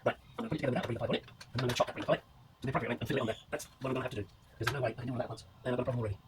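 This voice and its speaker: Speaking very fast in a steady, medium-pitched voice, a motorcycle restoration vlogger guides viewers through a job in his home garage. He mutters and swears as he goes, and heavy noise fills the background of this casual workshop commentary.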